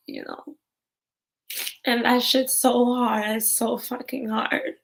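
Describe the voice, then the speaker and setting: A woman's voice: on the high side, flat delivery, slow pace, vocal fry. A young adult woman talking candidly and tearfully in a personal vlog, swearing now and then. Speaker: vlogger.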